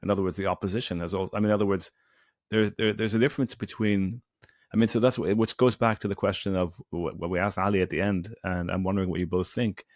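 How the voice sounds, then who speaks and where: A man's voice: low-pitched, steady tone, fast talker, dry recording, studio quality. A man co-hosting a discussion podcast, asking probing follow-up questions. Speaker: podcast co-host. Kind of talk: casual discussion.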